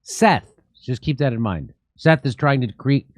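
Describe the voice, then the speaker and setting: A man's voice: medium pitch, lively intonation, unhurried, no room sound. A man hosting a show, giving sarcastic commentary with mocking asides. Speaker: show host.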